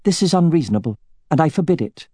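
A man's voice: a little high, expressive, fast, dark tone, dry recording, studio quality, voice pushed up. A man doing a stern regal queen. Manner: formal and authoritative.

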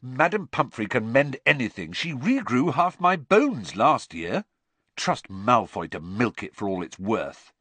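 A man's voice: medium pitch, very animated, unhurried, a bit bright, slightly rough, dry recording, pitched above the performer's own voice, exaggerated voice. A man voicing a determined, pointed teenage boy who speaks up firmly.

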